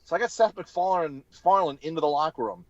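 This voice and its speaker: A man's voice: on the high side, quick pace, dry recording. A man, a former sideline reporter, telling stories in an interview and acting out what people said. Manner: lively anecdote teller who acts out quotes. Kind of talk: interview storytelling. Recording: dull, dry podcast audio.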